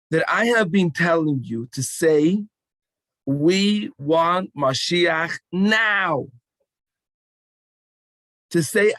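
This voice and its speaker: Man speaking slowly to a children's rally. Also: on the high side, dry recording. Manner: call-and-response, coaxing and emphatic. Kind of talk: animated talk to a children's rally.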